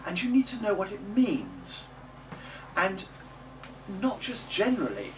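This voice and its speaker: Lively male teacher, distant noisy recording. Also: high voice. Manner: coaching, models words slowly and loudly for the group to repeat. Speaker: music teacher. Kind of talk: teaching a class. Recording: distant mic with noisy room ambience.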